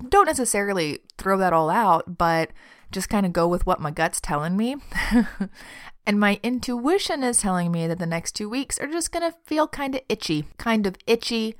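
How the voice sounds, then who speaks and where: A woman's voice: medium pitch, expressive, normal speed. A woman hosting a podcast as a tarot reader, talking in a chatty, friendly way with frequent laughs. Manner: chatty and warm-hearted, laughs often, says "y'all". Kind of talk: casual podcast monologue.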